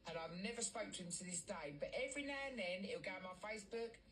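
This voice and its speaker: A woman's voice: medium pitch, lively intonation, fast talker, fairly bright tone. A woman telling a story in casual chat. She is blunt, swears heavily and acts out the dialogue. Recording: distant mic, faint background noise.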